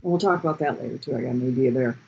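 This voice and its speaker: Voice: medium pitch, rapid-fire, gravelly, warm tone, dull audio, a little hiss or hum. An adult leading a group session in a heartfelt motivational talk, passionate and repeating key phrases, over a video call.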